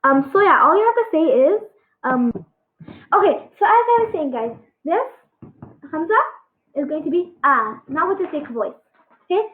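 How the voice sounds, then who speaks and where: A woman giving a casual pronunciation lesson on letter sounds, halting and full of fillers, encouraging her students. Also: high voice, expressive. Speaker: Arabic alphabet teacher. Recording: echoey, tinny phone-like sound.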